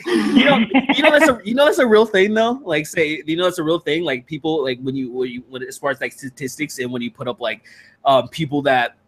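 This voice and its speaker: A man hosting a casual video-call chat, rambling with lots of fillers and restarts, crude and quick to laugh. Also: on the high side, a bit bright. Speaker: streamer hosting a patron hangout.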